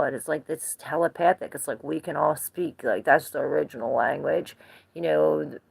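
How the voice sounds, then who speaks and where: A woman in her forties with a heavily gravelly, fry-laden voice, sitting a touch low in pitch. She rambles loosely through a live tarot reading and greets viewers by name along the way. The sound is dry and close, with no room around it. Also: fairly bright tone, no room sound. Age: 40s. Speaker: tarot reader.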